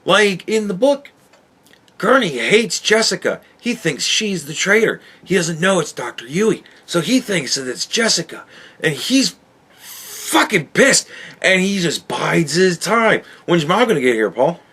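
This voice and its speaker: A man's voice: sits high, big pitch swings, measured pace, bright, forceful tone, husky. A man hosting a podcast, ranting in a casual and profane way, with exasperated outbursts and laughs. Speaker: podcast host reviewing a book.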